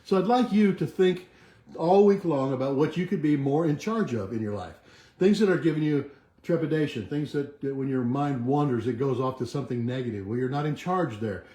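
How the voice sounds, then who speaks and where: This is a motivational self-help talk by an older chiropractor who leads a weekly motivational march. His mellow, medium-pitched voice offers slow, soft affirmations, repeated and trailing off quieter, in a roomy recording from a home kitchen with a bay window.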